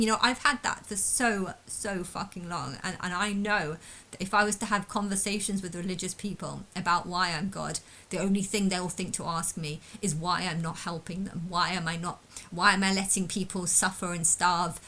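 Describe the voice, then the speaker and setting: A woman's voice: medium pitch, normal speed, pushed and bright, poor audio. A woman talking alone to camera in an unscripted monologue, angry and distressed, ranting bitterly and swearing often. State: emotionally distressed. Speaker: vlogger.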